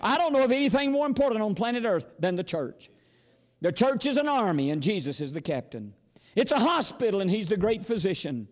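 A man's voice: high-pitched, very animated, a little fast, in a large hall. A man preaching a sermon, folksy and storytelling, sometimes exclamatory and sometimes chatty. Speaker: visiting preacher.

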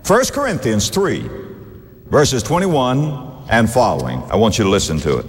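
A man preaching a sermon, fervent and warm to his listeners, swinging from soft asides to loud, high exclamations and chuckling between points. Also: wildly swooping pitch, normal speed, big-room sound.

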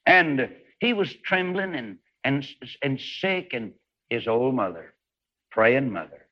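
A man preaching a fervent sermon, swinging between loud rising highs and hushed low passages. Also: very animated, takes it slowly. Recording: dull lo-fi old recording.

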